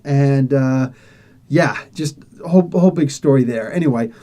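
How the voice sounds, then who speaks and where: A man's voice: mid-range voice, moderate pace, warm tone. A man reviewing comics, casually retelling a story with laughs and acted-out quoted lines.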